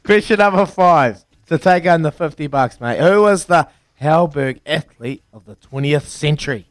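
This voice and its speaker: A man's voice: fairly high pitch, expressive, normal speed, no echo. A man with a New Zealand accent hosting a breakfast radio quiz, upbeat as he counts down and teases callers.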